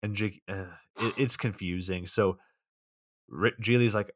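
A young man with a fairly low voice and a sardonic, deadpan way of recapping a bad movie. The sound is dry and close, with no room around it. He talks casually and mocks the film as he goes. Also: unhurried, no room sound. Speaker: podcast co-host.

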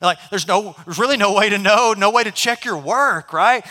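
Male pastor, high and bright, animated sermon storyteller, reverberant church hall. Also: normal speed. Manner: animated storytelling, acts out characters. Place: church sanctuary.

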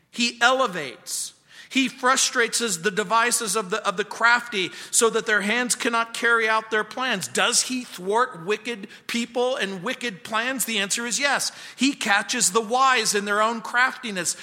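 A pastor preaches a verse-by-verse sermon in a high, piercingly bright voice. He is earnest, dropping soft and then pressing hard. The sound rings through a church with long reverb. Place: church sanctuary.

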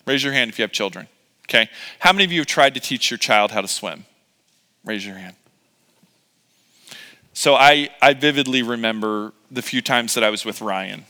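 A man's voice: mid-range voice, bright, forceful tone, in a large hall. A middle-aged man preaching a sermon as pastor, in a casual, joking, conversational way with many fillers.

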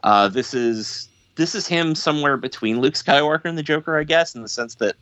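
A man hosting a podcast, talking thoughtfully in casual chat and pausing often on ums and uhs. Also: on the high side, fairly bright tone, dry recording. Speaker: podcast host. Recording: dry, dull lo-fi sound.

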